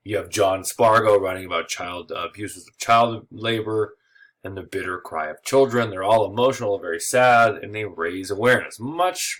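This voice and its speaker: A man's voice: lowish voice, fairly bright tone. A man giving a recorded history lecture in a casual way, with joking asides and frequent filler words. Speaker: history teacher.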